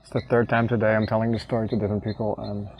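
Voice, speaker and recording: A young man telling an emotional personal story, halting and repeating words as he chokes up with tears. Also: fairly low pitch, little pitch movement, highs cut off, slight background noise. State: tearful. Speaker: vlogger.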